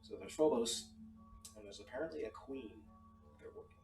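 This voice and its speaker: Game master, man, casual narration, mid-pitched, distant mic in an echoey room. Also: lively intonation, moderate pace, creaky. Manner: casual, describing scenes with fillers. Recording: roomy echo, distant from mic, music behind. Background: music.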